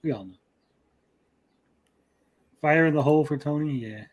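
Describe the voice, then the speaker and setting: A man's voice: on the high side, moderate pace, lo-fi sound. Brief: male stream host, blunt and jokey, reads chat, swears casually. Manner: blunt, joking, swears freely. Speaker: show host reading chat.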